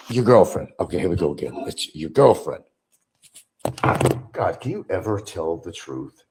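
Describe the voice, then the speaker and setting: A middle-aged man ranting bitterly on a livestream, repeating himself, mocking others and swinging between low mutters and loud outbursts. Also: sing-song, a little slow, long pauses, a little hiss or hum. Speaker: livestream host. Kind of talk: rambling livestream rant.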